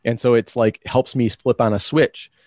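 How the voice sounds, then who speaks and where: This interview guest speaks at a moderate pace in a steady, mid-range voice with a darkish tone. He works through his ideas reflectively, feeling his way and restarting many times as the conversation unfolds. There's no echo on the recording.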